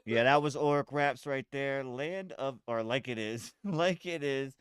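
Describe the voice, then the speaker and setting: A man hosting a podcast in casual chat, excitable and slangy, calling people "bro". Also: medium pitch, a little slow, few pauses, clean tone, no echo, studio quality. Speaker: podcast host.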